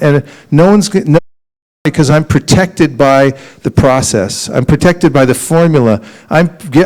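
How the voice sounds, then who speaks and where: A man giving a lively, humorous devotional talk at a temple and leading group chanting. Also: fairly high pitch, rough recording. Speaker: spiritual teacher.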